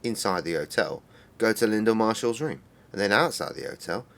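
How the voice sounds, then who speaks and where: Guy putting on a measured old actor voice, low and formal. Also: lively intonation, a bit bright. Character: impression of a famous older male London film actor, calm and measured.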